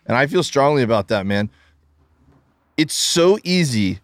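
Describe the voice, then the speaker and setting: A man's voice: mid-range voice, expressive, measured pace, no echo. A man who is a guest on a podcast, talking earnestly and casually about being kind to people. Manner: earnest, sincere opinions in an easygoing tone. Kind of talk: casual chat.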